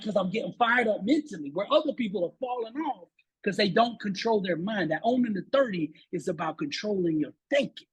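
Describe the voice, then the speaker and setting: A man's voice: sits high, husky, rough recording. Fired-up man telling a motivational story. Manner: animated, preachy, repeats words when fired up. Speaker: motivational speaker guest.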